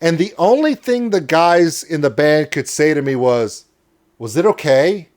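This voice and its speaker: A high-voiced man hosting a casual interview. He talks with warm enthusiasm and rambles through a long story, piling praise on his guest. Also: big pitch swings, moderate pace. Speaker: interview host.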